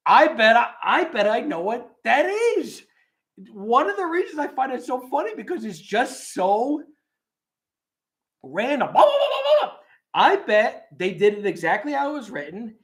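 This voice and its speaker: A man's voice: very high-pitched, very animated, measured pace, a bit bright. A man hosting a casual live stream, reading a script aloud with its stage directions and chuckling often.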